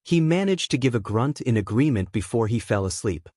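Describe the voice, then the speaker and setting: A man's voice: mid-range voice, lively intonation, brisk, dark tone, no echo. Man reading fan fiction in a dry room. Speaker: fanfiction reader. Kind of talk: scripted narration.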